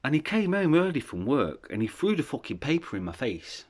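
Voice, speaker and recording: A man's voice: medium pitch, sing-song, a little fast, a little mellow. A man telling his life story in a candid, rambling way, swearing freely. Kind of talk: casual storytelling.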